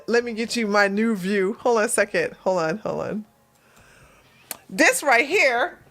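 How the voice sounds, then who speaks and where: Woman, livestream host; bright, slightly high voice; loose, laughing, repetitive chat with viewers. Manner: laughs often, repeats herself, talks straight to chat.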